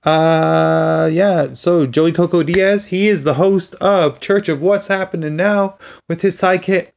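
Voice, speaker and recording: A man's voice: high voice, fairly even intonation, measured pace, vocal fry. A man hosting a podcast, introducing the episode in a loose, chatty way. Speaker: podcast host.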